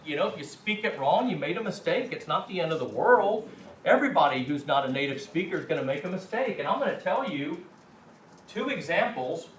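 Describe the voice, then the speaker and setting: A man's voice: a little high, expressive, fairly quick, a little hiss or hum. A man teaching a language class in a chatty, encouraging way, telling anecdotes to the room. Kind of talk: informal classroom talk. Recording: echoey room from far off.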